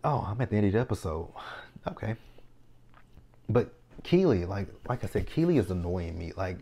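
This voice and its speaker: A man's voice: fairly low pitch, sing-song, brisk, warm tone. A man giving a casual video review of a reality show, blunt, exasperated and profane as he retells the scenes.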